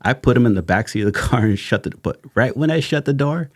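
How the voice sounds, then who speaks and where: A man's voice: mid-range voice, fast talker, dry recording, studio quality. A middle-aged man, a retired sheriff's detective, telling a story as a podcast guest in a casual, slangy way, laughing and acting out the people he quotes. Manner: animated, laughing, slangy retelling with acted quotes. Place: podcast studio.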